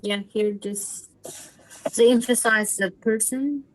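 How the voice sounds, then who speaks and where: A woman student answering her teacher in an online class, halting and searching for words. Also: a little high, steady tone, a little hiss or hum, rough recording.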